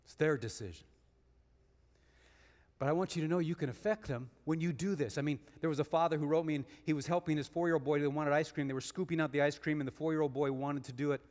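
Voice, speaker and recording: Man, sermon, high voice, long church-hall reverb, emphatic then hushed. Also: fairly even intonation, racing, few pauses. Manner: swings from emphatic rises to hushed storytelling. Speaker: guest speaker. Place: church sanctuary.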